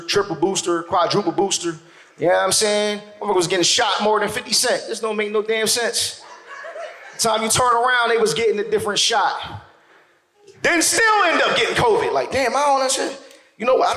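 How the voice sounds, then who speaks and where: A man performs stand-up comedy in a roomy, echoing venue. His voice sits high and sounds bright and cutting. He tells his stories loudly and with lots of energy, acting out other people's voices along the way. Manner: loud, animated storytelling with acted-out voices. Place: stage in a venue with audience.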